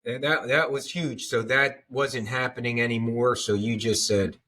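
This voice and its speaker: A man hosts the interview with a steady, supportive manner, often recapping the guest's points for the listeners. His voice sits at an ordinary middle pitch. He chats in a casual way. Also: normal speed, slight background noise. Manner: supportive, steady listener who sums up for the audience. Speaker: podcast host.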